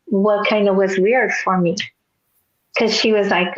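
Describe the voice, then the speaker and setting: A woman's voice: medium pitch, normal speed. A woman speaking in a mid-range voice, telling a story with lots of feeling and laughing along the way. The sound is dull and lo-fi, like audio from a video call. The talk is a loose, casual chat. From Nebraska, US. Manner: storytelling, animated, laughing often.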